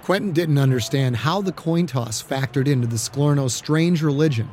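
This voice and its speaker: A male audiobook narrator with a mid-range voice, telling the story in a steady, dramatic way. A faint hiss sits under his reading. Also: mid-range voice, moderate pace. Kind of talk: scripted narration.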